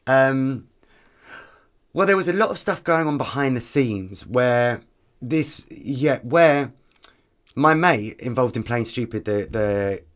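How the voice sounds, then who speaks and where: Animated man telling stories. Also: medium pitch, takes it slowly. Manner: animated storyteller with frequent ums. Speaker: activist guest. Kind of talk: conversational podcast interview.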